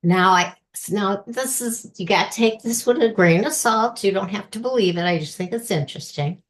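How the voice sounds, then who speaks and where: A woman's voice: medium pitch, normal speed. A woman guest author telling personal stories in a chatty way and laughing often during an interview. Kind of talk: casual interview chat.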